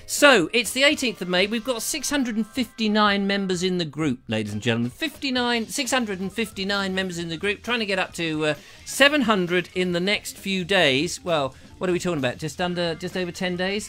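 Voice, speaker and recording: A man's voice: sits high, fairly quick, few pauses, sharp tone, soft background music. A man hosting his live show, talking casually and playfully, rambling from one joke to the next. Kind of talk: casual live-stream chat.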